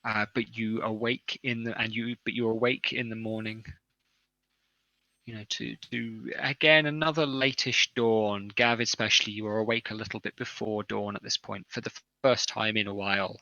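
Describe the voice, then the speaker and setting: Bright-voiced male game master. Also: on the low side, fairly even intonation, dry recording, muffled recording. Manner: descriptive, unhurried narration. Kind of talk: narrating a tabletop game.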